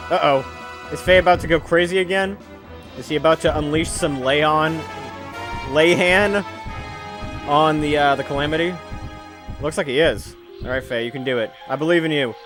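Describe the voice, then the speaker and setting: A man giving casual, jokey commentary over a video game he is playing, talking freely and breaking into loud excited outbursts. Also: fairly high pitch, moderate pace, long pauses, over music. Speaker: let's play commentator.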